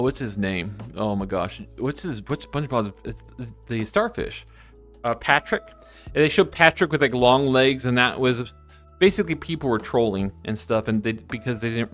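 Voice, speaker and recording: A man streaming live and chatting casually, reading viewer comments aloud, rambling and often sidetracking himself with many restarts. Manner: animated, jumps high in pitch when excited.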